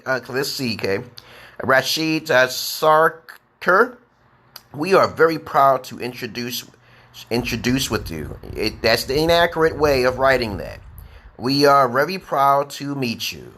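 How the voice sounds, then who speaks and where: Man teaching English slowly on a livestream. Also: medium pitch, sharp tone. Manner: slow, simple instructions, reading chat comments aloud. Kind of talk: casual livestream lesson.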